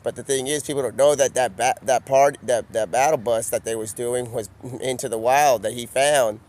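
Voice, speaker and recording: A man's voice: medium pitch, steady tone, normal speed, a little mellow. A man doing an improvised comedy skit outdoors, rambling and drawling, filling nearly every sentence with "man" and "bro". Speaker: comedic vlogger.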